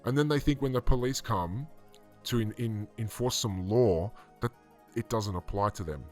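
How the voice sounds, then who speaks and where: A man's voice: lowish voice, moderate pace, a little mellow, faint music behind. A man giving casual, indignant commentary on a video clip, rambling with fillers and restarts. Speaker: online commentator.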